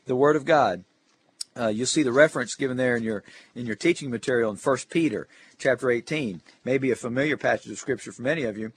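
Man, husky voice, earnest Bible teacher, reads scripture aloud, lesson preview for teachers. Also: medium pitch, quick pace. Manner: earnest teaching with scripture readings in King James English. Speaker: Sunday school teacher trainer.

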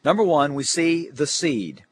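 A man's voice: a little high, very animated, a little slow, breathy edge. A man giving a Bible lesson preview for Sunday school teachers, earnest, reading scripture aloud in old King James English.

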